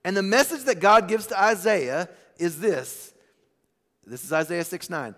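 A man's voice: high voice, a little slow, fairly bright tone. A male pastor giving a sermon in a church, talking casually and conversationally, often restarting his words. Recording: long reverb in a church hall.

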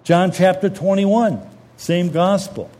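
A man delivering a sermon with a somewhat high-pitched voice. He preaches in a lively, colloquial way, slipping into casual, street-level phrasing as he retells scripture stories. The feel is warm storytelling from the pulpit rather than formal recitation. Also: slow pace.

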